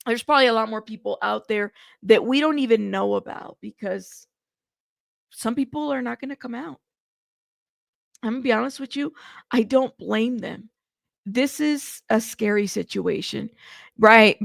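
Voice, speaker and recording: A woman's voice: on the high side, gravelly, dry recording, studio quality. A woman hosting a news livestream in casual chat, talking straight to her viewers and laughing at herself.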